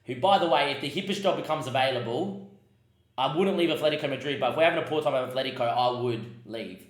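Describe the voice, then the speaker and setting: A man's voice: mid-range voice, fast talker, echoey room. A man giving casual commentary on his football management game, muttering asides and breaking into frustrated outbursts. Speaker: gaming podcast host.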